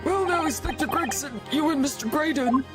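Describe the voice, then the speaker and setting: A woman voicing a fussy, excitable elderly male judge, with game music behind. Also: sits high, brisk, pitched above the performer's own voice, close to an everyday voice.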